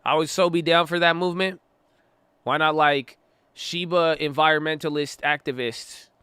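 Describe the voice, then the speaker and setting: A young man hosts a casual livestream, reading chat messages aloud and riffing on them in relaxed, slangy talk. His voice is bright and crisp, and it comes across close and dry with no room sound. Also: fairly high pitch, moderate pace, no echo. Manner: loose and chatty, reacting to chat, slang-heavy.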